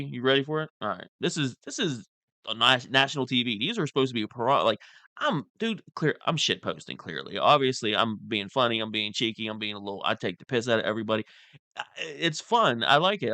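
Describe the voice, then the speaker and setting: A man giving loose, joking reaction commentary from a close mic, his voice bright and a bit nasal. The sound is dry, with no room around it. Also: medium pitch, no room sound. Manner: loose and joking, laughs a lot, mocking impressions. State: a little stoned and nasal. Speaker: commentary streamer.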